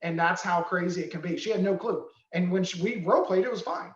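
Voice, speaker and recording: A man's voice: sits high, quick pace. Man, sales trainer, acts out examples, echoey room, lo-fi sound. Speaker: real estate trainer. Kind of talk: coaching talk with examples.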